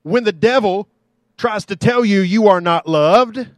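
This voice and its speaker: A male pastor delivering a sermon in a relaxed, talkative way, mixing in light jokes. His voice sits fairly high for a man. The sound is close and dry, with little room echo. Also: unhurried. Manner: conversational, playful asides.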